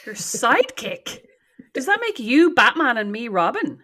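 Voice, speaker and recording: A woman's voice: a little high, big pitch swings, a little slow, sharp tone. Dry-witted Irish woman podcast co-host. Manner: dry, sardonic quips. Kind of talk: casual chat. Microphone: remote recording setup.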